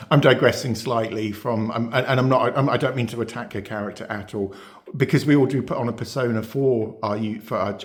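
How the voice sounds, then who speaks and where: A man hosting his beauty channel, talking casually to viewers with lots of fillers, restarts and rhetorical questions. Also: mid-range voice. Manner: chatty, rambling, many fillers and restarts. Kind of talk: casual talk to camera.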